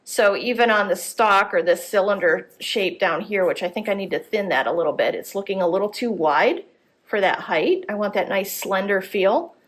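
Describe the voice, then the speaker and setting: A woman's voice: medium pitch, animated, normal speed. Woman thinking aloud during a drawing demo. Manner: thinks aloud while drawing, self-correcting. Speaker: art instructor. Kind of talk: live drawing demonstration. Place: gallery workshop.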